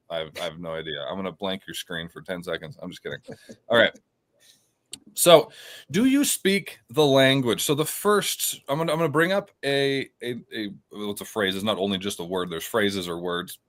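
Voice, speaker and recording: A man's voice: lowish voice, a bit bright. A man hosting a casual slang quiz among friends. He jokes and often restarts his sentences. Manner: joking, with frequent restarts. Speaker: host and quiz master. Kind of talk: casual group chat.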